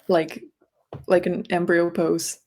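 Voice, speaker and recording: Gravelly-voiced woman describing her character. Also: on the low side, level tone, slow pace, a little mellow. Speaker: player. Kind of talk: tabletop game chat.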